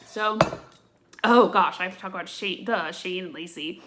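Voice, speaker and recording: A woman's voice: on the low side, normal speed, sharp tone, slight background noise. A woman in her thirties hosting a podcast, rambling through blunt, gossipy chat in a casual rant to camera. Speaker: podcast host.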